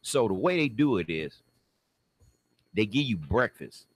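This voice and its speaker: A man from the Detroit area telling a personal story in a casual, animated way and acting out the people in it. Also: fairly low pitch, unhurried, slightly rough. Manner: animated, acts out the people in his story, laughs.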